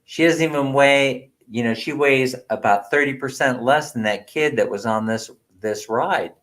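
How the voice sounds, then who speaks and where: A man's voice: mid-range voice, moderate pace, fairly bright tone. A man from the United States hosting a casual livestream at home, telling a rambling story, teasing and laughing often. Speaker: livestream host.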